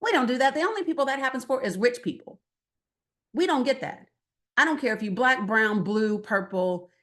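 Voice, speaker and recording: A woman speaking as a guest at a political training workshop, talking to a room in an animated, conversational way, asking the audience questions and acting out bits of dialogue. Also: fairly high pitch, moderate pace. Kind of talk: lively workshop talk to an audience.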